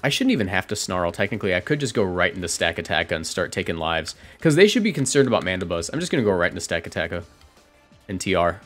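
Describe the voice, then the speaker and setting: A man's voice: low-pitched, big pitch swings, quick pace, faint music behind. Chatty male gamer commentating his matches. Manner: chatty, self-correcting, reacts out loud. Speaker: competitive game commentator. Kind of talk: casual gameplay commentary.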